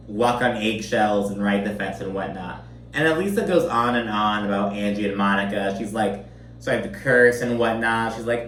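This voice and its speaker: A man casually recapping a reality TV episode, chatty and swearing freely, often asking "you know what I mean?". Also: mid-range voice. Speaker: TV recap host. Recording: roomy, distant mic, faint hum.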